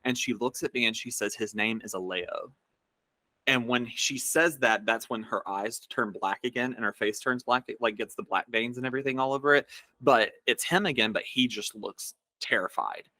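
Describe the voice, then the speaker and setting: Man, podcast co-host, rambling storyteller, bright tense voice, dry close sound. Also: mid-range voice, normal speed, no room sound. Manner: rambling, many fillers. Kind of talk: casual storytelling.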